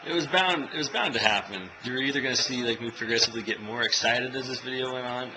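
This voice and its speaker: A young man filming himself at home as he watches a football game, chatting and cheering loudly. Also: mid-range voice, fast talker, few pauses. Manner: swings from quiet chat to loud cheering shouts. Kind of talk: casual vlog, reacting to live football. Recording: noisy home video recording.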